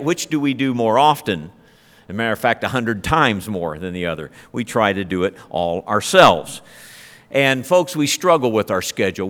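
Preacher with a long hall echo. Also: male voice, medium pitch, fairly bright tone. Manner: conversational preaching with rhetorical questions. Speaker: pastor. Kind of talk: sermon.

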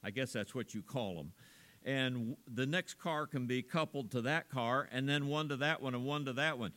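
A man's voice: moderate pace, a bit bright. A man preaching a sermon as pastor, folksy and rambling, chuckling often and leaning hard on small words. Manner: stresses small words with big pitch swings.

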